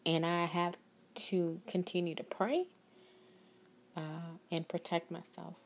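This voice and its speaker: A woman's voice: fairly low pitch, level tone, slow pace, a little hiss or hum. A woman, a spiritual life coach telling a personal story to her viewers in an earnest, emphatic way. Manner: earnest, emphatic, speaks of God.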